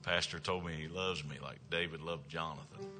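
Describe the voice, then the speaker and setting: A man's voice: rumbling low, steady tone, a little fast, music in the background. A man with a Southern American accent preaching a revival sermon in a folksy, emphatic way, punctuated by amens. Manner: folksy, emphatic, calls out "amen". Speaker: traveling evangelist.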